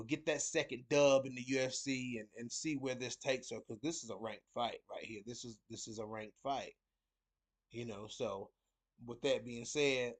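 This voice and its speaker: A man's voice: mid-range voice, a bit bright. A man hosting a casual fight preview, rambling and repeating words with lots of fillers. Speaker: host of a fight picks show.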